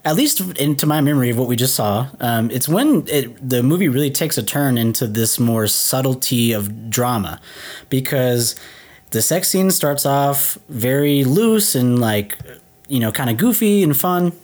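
A man co-hosting a casual movie podcast, talking loosely and laughing often. His retelling rambles and stumbles from one thought to the next, with an even, middle-pitched voice. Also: normal speed. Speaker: podcast co-host. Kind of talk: casual chat.

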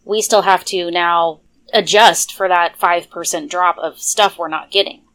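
A woman's voice: fairly low pitch, steady tone, measured pace, a bit bright. A woman co-hosting a casual political chat, chatty and opinionated.

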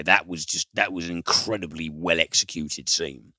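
A man's voice: low voice, normal speed, few pauses, pushed and bright, no room sound. A man reviewing a film in casual chat, rambling and profane, with frequent fillers and restarts.

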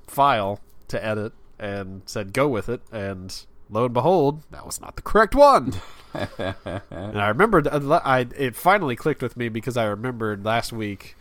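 A man's voice: mid-range voice, animated, moderate pace, a bit bright, no echo. A man in his thirties co-hosting a podcast in casual chat, telling stories on himself with a laugh. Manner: self-deprecating, laughs while telling stories. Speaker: podcast co-host.

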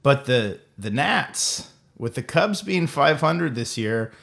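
A man's voice: medium pitch, lively intonation, takes it slowly, gravelly, a bit bright. A man co-hosting a casual sports podcast, talking in a rambling way with lots of stumbling restarts. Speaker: podcast co-host.

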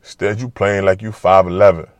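A man giving a casual, animated, trash-talking basketball monologue full of slang. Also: low-pitched, fairly quick, no echo. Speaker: basketball commentator. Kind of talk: casual sports talk monologue.

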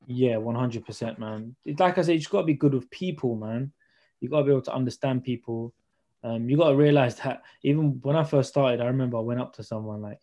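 Young trainer guest, rapid and mellow, casual chat full of slang. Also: male voice, mid-range voice. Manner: slangy, storytelling, acts out dialogue. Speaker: podcast guest, personal trainer.

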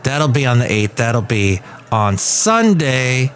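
A man's voice: medium pitch, big pitch swings, takes it slowly, fairly bright tone. A man hosting a podcast, chatting casually through the news and wandering off on tangents. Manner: rambling, tangent-prone, self-correcting. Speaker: podcast host.

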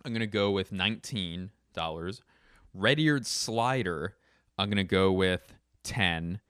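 A man's voice: low-pitched, lively intonation, unhurried, fairly bright tone, clean tone, no room sound, studio quality. A man talking casually and comically, rambling, swearing and cutting himself off mid-thought. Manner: rambling, profane, self-interrupting. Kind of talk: casual comedic commentary.

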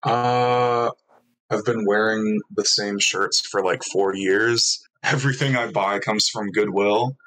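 A man's voice: lowish voice, steady tone, slow, a bit bright, rough recording. A young man chatting casually in an interview, rambling and self-mocking, filling gaps with ums and little laughs.

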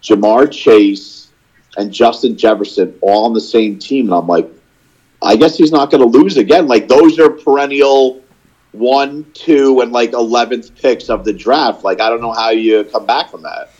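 A man's voice: mid-range voice, unhurried, a little mellow, muffled recording. A young man co-hosting a casual podcast, telling stories in a rambling way with lots of filler words. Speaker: podcast co-host. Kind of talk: casual chat.

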